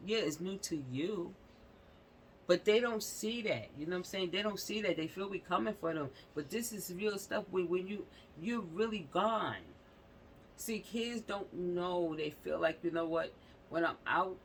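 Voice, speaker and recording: A woman's voice: lowish voice, a little hiss or hum, poor audio. A woman hosting a casual commentary vlog, talking bluntly and emphatically, often repeating herself and checking in with "you know what I'm saying". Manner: blunt, uses mild profanity. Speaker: channel host.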